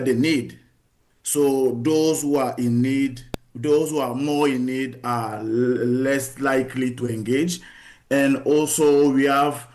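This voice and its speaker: A man being interviewed on radio as a research guest, speaking haltingly and repeating words as he restarts. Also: mid-range voice, darkish tone.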